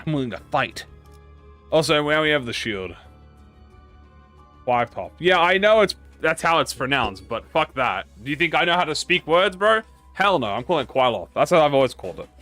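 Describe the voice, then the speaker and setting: Man, game streamer, casual chat to viewers, profane, self-mocking, rambling, lively pitch. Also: moderate pace, soft background music.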